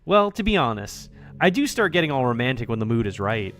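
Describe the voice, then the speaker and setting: A man's voice: medium pitch, big pitch swings, brisk, fairly bright tone, pitched below the performer's own voice. A man reading aloud a cheerful young female club president from a visual novel, in a playful, teasing way.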